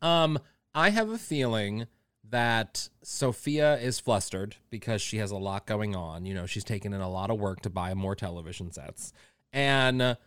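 A man's voice: fairly low pitch, normal speed, a bit bright, clear, resonant tone, dry recording, studio quality. A man co-hosting a podcast in playful, campy casual chat, with a cough from a cold. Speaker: podcast co-host.

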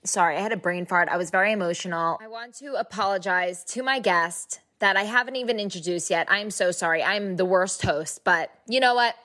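A woman's voice: medium pitch, brisk, few pauses, pushed and bright. A woman hosting a podcast in casual chat, gushing and effusive, with casual swearing. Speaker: podcast host.

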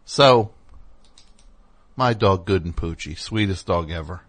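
A man's voice: low-pitched, slow pace, fairly bright tone. A man hosting a comedic call-in radio show, ranting in a rambling, indignant way.

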